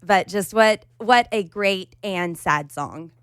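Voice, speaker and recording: Animated woman on a podcast. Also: mid-range voice, slow pace, clear, resonant tone, no room sound, studio quality. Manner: animated, emphatic. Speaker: podcast co-host. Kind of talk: casual podcast chat.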